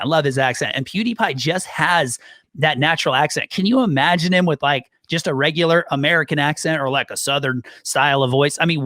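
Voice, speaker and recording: Male co-host, chatty and animated, higher register, dry studio read. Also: dry recording. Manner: animated, many fillers and restarts. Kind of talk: casual podcast chat.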